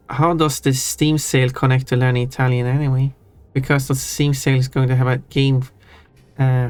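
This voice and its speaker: A man's voice: medium pitch, a little mellow. Chatty man streaming. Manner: chatty, self-amused, restarts and trails off. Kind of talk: casual chat while gaming.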